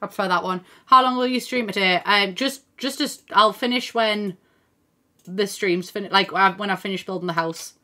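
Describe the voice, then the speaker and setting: Bright-voiced woman streaming casually. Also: mid-range voice, fairly even intonation, moderate pace. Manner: chatty, thinks aloud, reads out chat, swears casually. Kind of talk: casual livestream chat. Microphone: desk microphone in front of screen.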